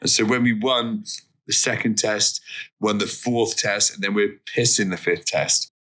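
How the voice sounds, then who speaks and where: A jokey English man with a very low voice that still has a bright, forceful edge. He talks as a guest in a relaxed chat and pokes fun at himself. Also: unhurried. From England. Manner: jokey, self-deprecating. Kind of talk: casual chat.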